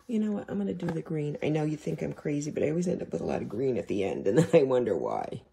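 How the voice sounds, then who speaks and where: Sewing as she talks, this woman teaches quilting in a chatty, informal way, addressing her viewers throughout. Her voice is deep, dark, and sing-song, fast, with vocal fry and a breathy edge.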